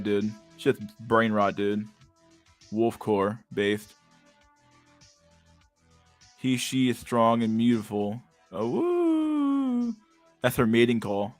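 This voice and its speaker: A man's voice: lowish voice, little pitch movement, a little slow, soft background music. A young man reacting to videos in casual, profane commentary, incredulous and sarcastic, who keeps calling people dude. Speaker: stream host reacting to videos.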